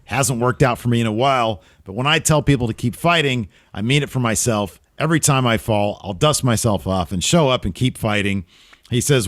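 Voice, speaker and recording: A man co-hosting a casual wrestling recap show, jumping into lively voices when he quotes wrestlers. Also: mid-range voice, a little fast, dry recording, studio quality. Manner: animated when quoting, voice jumps up for quotes. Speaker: podcast co-host.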